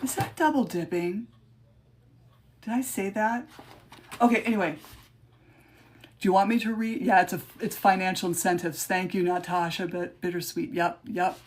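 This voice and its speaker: A woman's voice: on the low side, fairly even intonation. Woman reading rhyming protest poems aloud. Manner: reads rhyming verse with emphatic rises, then chatty halting asides. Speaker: podcast host. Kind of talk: reading her own poems on a livestream.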